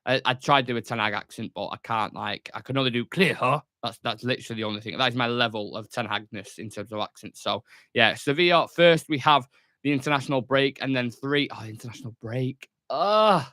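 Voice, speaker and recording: A man's voice: medium pitch, fairly even intonation, fast, bright, forceful tone, no echo, studio quality. A young man hosting a football fan news show alone, chatty and jokey, with lots of fillers. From England. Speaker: host of a football fan channel. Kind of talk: solo news show, casual chat. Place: small studio room.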